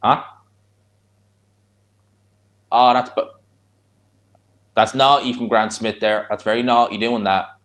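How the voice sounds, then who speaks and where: A man with a North Dublin accent and a fairly low voice chats through a live fight watch-along. He rambles and restarts his sentences, then breaks into excited reactions to the punches. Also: slow, long pauses. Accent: North Dublin (Fingal). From Ireland.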